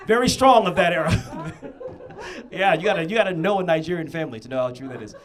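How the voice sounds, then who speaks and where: A young man performing a stand-up comedy set on a club stage, telling stories in an animated way with punchy asides. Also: fairly high pitch, a little fast, over a noisy crowd. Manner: animated storytelling with punchy asides and frequent "you know what I'm saying".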